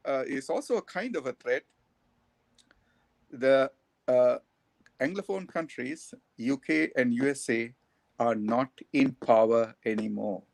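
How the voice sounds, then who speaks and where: A man gives an academic answer at a panel. His voice has a gravelly edge, and the sound is dry and close. He speaks in an animated way and chuckles between points. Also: mid-range voice, no room sound. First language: Tamil.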